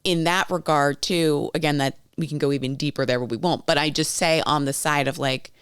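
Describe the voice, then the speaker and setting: A woman in her thirties co-hosting a podcast chats casually and tells stories with quoted voices. She's low-pitched and steady, a little fast, with a clean tone in a studio-quality recording without echo.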